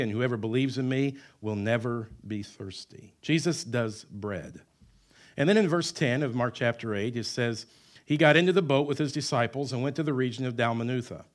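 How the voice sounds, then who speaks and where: A man preaching a sermon, who mixes humorous asides with emphatic lines and drops to quiet, stretched-out words. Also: mid-range voice. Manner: wide swings between loud emphatic lines and quiet, drawn-out words; conversational asides and self-deprecating humor. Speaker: pastor.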